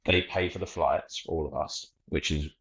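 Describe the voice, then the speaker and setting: A man's voice: rumbling low, steady tone, moderate pace, fairly bright tone, rough recording. A man from England with an Essex accent, chatting easily on a podcast and laughing often. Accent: Essex English. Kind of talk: casual chat.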